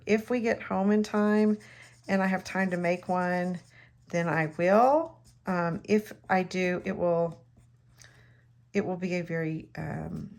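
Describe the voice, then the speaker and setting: A woman's voice: fairly low pitch, vocal fry. A middle-aged woman, chatting casually and rambling while demonstrating a craft. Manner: chatty, rambling, self-mocking. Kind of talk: casual crafting tutorial chat.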